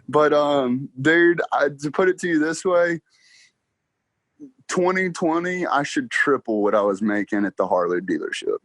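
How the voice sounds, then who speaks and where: A man's voice: a little high, a little slow, pauses often, no echo. A young man, telling stories in a casual interview, acting out dialogue and laughing often. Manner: animated storyteller, acts out dialogue, laughs often. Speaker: podcast guest, car salesman.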